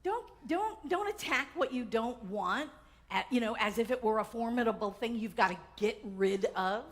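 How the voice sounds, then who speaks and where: Animated woman preaching a sermon. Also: fairly high pitch, normal speed. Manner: animated, emphatic, calls on the congregation. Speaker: minister. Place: church sanctuary.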